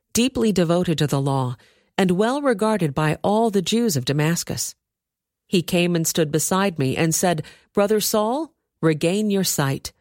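Woman reader, lowish voice, dry close sound, steady scripture reading. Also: no room sound. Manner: steady, measured storytelling.

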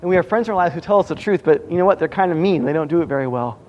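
Male pastor, high voice, conversational sermon delivery, faint noise behind. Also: lively intonation, rapid-fire, muffled recording. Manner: conversational preaching, acts out quoted voices.

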